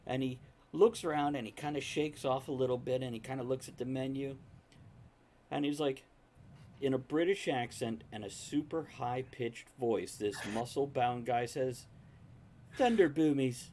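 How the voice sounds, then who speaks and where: A man's voice: medium pitch, normal speed, a little mellow. A man on a livestream chat telling a vivid anecdote, acting out the scene as he goes. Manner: vivid storyteller, acts out scenes. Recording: faint background noise.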